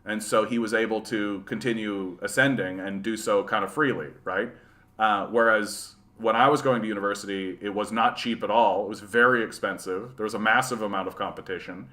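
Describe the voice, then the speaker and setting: Male livestream host from rural Manitoba, bright tone, rambling, sarcastic delivery. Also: on the low side, fairly even intonation, a little fast. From rural Manitoba, Canada. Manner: rambling, repeats "right?", sarcastic asides. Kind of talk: casual livestream chat reading viewer comments.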